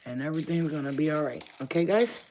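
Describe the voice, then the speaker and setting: A woman talks to her viewers from home in a low voice. She is blunt and profane, animated one moment and close to a whisper the next. A faint hiss sits under the recording. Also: fast. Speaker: spiritual channel host. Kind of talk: casual straight-to-camera chat.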